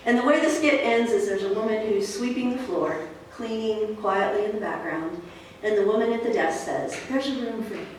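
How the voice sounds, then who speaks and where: A woman's voice: mid-range voice, moderate pace, darkish tone, slight background noise. Conversational woman pastor in an echoey church. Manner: conversational storytelling with fillers. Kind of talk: sermon. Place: church sanctuary. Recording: echoey church hall from far off.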